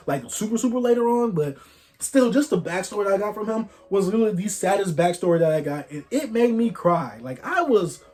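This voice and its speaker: Excitable young man with faint music behind. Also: high voice. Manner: excitable, slangy, swings between loud and hushed. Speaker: manga reviewer. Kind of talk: casual review monologue.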